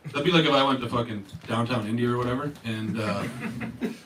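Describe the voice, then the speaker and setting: A man's voice: medium pitch, brisk, very noisy. A young Canadian man from Northern Ontario doing a crude, casual stand-up comedy set and chatting with the crowd. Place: comedy club stage. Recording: roomy club sound from a distance. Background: audience laughter.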